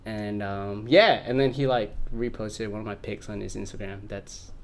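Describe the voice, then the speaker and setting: A man's voice: lowish voice, moderate pace, gravelly. A man hosting a podcast, telling a story in casual chat, laughing and acting out the people he quotes. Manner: animated, laughing, acts out quoted voices. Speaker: podcast host.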